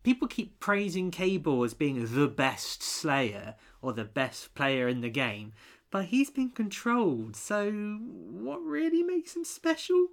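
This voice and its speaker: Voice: medium pitch, big pitch swings, slow. A co-host reviewing a film in casual chat, rambling with many restarts and fillers.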